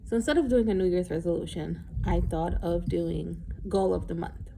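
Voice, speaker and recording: A woman's voice: fairly low pitch, moderate pace, vocal fry, warm tone, a little hiss or hum. A middle-aged woman recording a casual, rambling vlog, candid and a little emotional, with sighs and laughs along the way. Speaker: vlogger. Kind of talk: casual chat.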